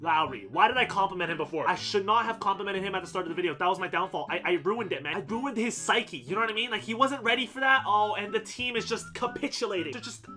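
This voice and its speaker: A man giving casual commentary over his football video game, excitable, swinging from low muttering to yelling at the game. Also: fast talker, soft background music. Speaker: gameplay commentator.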